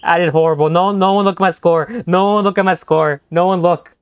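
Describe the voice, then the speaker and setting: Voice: mid-range voice, steady tone, a little fast, clean tone, no room sound. A young-adult game streamer chatting playfully with viewers during a live session, laughing often and teasing the chat.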